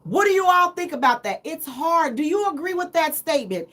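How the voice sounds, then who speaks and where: A woman's voice: high voice, big pitch swings, brisk, a bit bright. A middle-aged woman hosting a live radio talk show, telling teasing, self-mocking stories in a casual chat.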